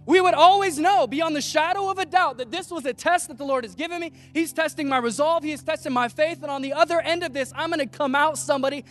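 A man's voice: very high-pitched, quick pace, hardly any pauses, a bit bright, soft background music. A man preaching a casual, conversational sermon, telling stories with animation and acting out the voices he quotes.

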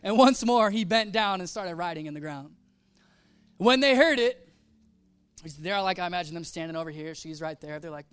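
A man's voice: on the high side, moderate pace, a bit bright, clean tone. A man preaching a sermon, telling a story with casual slang and acting out the quoted voices. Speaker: pastor.

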